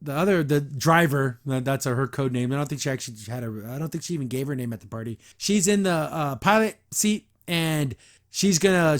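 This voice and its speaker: A young man hosting a podcast, recapping and reacting to a cartoon episode in a casual, enthusiastic, rambling way. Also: fairly high pitch. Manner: enthusiastic, rambling, frequent restarts and laughs.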